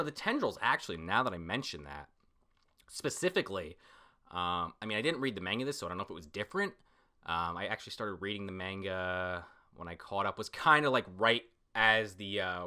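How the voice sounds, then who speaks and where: An excitable man reviews a comic chapter in a loose, casual way, and he swears freely. His voice swings widely in pitch and carries a bright, forceful edge. He breaks into sudden shouts. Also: normal speed. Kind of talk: casual reaction commentary.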